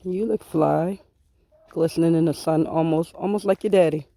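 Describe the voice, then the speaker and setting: Playful chicken keeper with a mellow voice. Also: mid-range voice, normal speed, gravelly. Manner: playful, teasing banter with the birds. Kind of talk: casual vlog, talking to chickens. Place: outdoors in a chicken yard.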